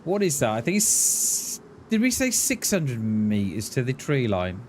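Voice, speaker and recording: A man's voice: mid-range voice, wildly swooping pitch, a little slow, darkish tone, slight background noise. A man from Mid Wales with a light Mid Welsh accent, chatting casually as a live streamer while he plays, musing aloud and answering viewers as "mate". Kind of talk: casual gaming commentary.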